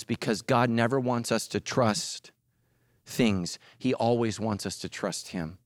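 A male pastor preaching a sermon in an animated, emphatic way, mixing jokes with serious points. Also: medium pitch, unhurried, no room sound, clean studio sound.

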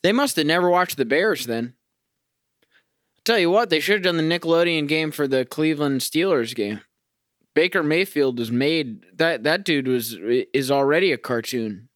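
A man's voice: a little high, expressive, normal speed, fairly bright tone, dry recording, studio quality. A young man ranting profanely as a sports fan, talking in a casual, exasperated monologue.

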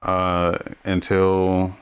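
Blunt, swearing man with a smooth low voice. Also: monotone, very slow. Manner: blunt, swears freely, gets heated. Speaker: podcast co-host. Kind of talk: casual podcast discussion.

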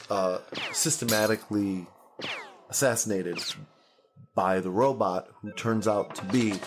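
A man hosting a casual comedy podcast, riffing playfully on silly ideas and laughing often. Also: fairly low pitch. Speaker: podcast host. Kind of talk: casual improv chat.

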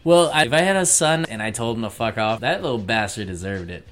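A man's voice: fairly low pitch, expressive, fast talker, fairly bright tone. A man hosting a podcast in casual chat, joking, rambling and cursing freely. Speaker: podcast host.

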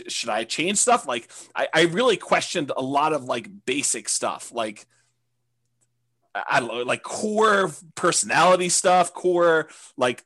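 A man teaching a real estate investing class, talking candidly in a halting way with many restarts and fillers. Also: fairly high pitch, a bit bright.

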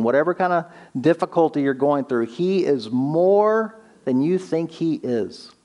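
Guy preaching a sermon, earnest, slows way down on the big words, mid pitch. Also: a little mellow. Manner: earnest, slows down for emphasis, asks rhetorical questions. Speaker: pastor.

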